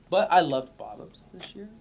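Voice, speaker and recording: A man's voice: fairly high pitch, gravelly, a little mellow, breathy edge. A man co-hosting a podcast in casual chat, emphatic and playful when he argues. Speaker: podcast co-host.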